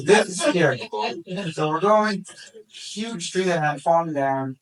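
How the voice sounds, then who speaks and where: Excited man, slightly high voice, far-off mic. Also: unhurried. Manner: excited, acts out his own quoted remarks. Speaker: search dog handler. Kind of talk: storytelling at a community meeting. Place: community meeting hall. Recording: distant from the mic.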